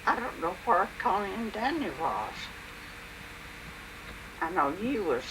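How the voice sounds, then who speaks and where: An older woman telling a family story in an oral history interview, in a plain, unhurried way with frequent pauses and "and, uh". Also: mid-range voice, big pitch swings, very noisy.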